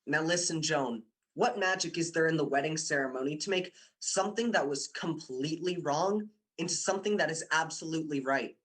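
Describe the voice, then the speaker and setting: A man's voice: fairly high pitch, a little fast, few pauses, fairly bright tone, lightly acted. A young man playing a persuasive male university student who coaxes and teases his girlfriend in a radio drama. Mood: coaxing. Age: young adult. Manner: coaxing, teasing, insistent. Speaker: boyfriend Dick. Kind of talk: amateur radio drama acting.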